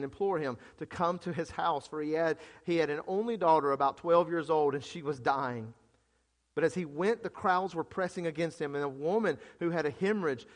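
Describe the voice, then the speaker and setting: Male pastor, high voice, impassioned sermon delivery, long reverb of a church hall. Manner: impassioned, swinging from hushed to loud.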